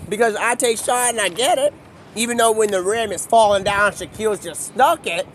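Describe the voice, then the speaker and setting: High-pitched young guy rambling on a live stream outside, faint traffic going by. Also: moderate pace, fairly bright tone. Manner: rambling, free-associating, acts out quoted voices. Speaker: livestreamer.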